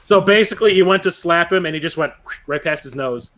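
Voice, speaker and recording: A man narrating a tabletop game as game master, casual and quick to laugh, swearing freely as he describes the action. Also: a little high, a bit bright.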